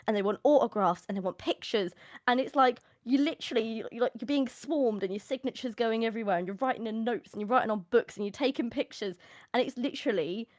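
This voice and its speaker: A young woman, a teacher, telling animated stories on a live stream and laughing often. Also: on the high side, no room sound, clean studio sound. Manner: animated storyteller, laughs often, acts out quotes. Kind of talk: casual chat on a live stream.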